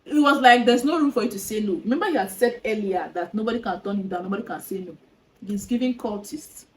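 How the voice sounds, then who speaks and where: A young woman tells a dating story to her viewers, animated and exasperated. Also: medium pitch, quick pace, poor audio. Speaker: vlogger. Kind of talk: storytime vlog.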